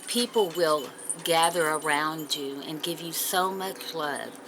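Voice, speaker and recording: A woman's voice: deep voice, slow pace. A woman talking tearfully and earnestly to her viewers, consoling and encouraging them in a heartfelt personal talk. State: crying. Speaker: vlogger. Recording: noticeable background noise.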